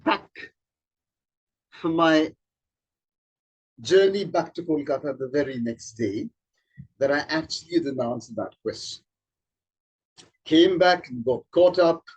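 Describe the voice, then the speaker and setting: A man, a trainer, explaining slowly and demonstrating vowel sounds. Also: a little high, husky, poor audio. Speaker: accent trainer. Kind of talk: informal spoken explanation.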